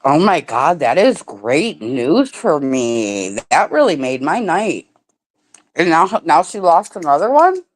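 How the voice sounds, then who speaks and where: A woman chatting casually on a livestream, animated and swearing freely as she tells stories. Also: sits low, takes it slowly. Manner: animated, swearing, talks with mouth full. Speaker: livestream guest. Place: home.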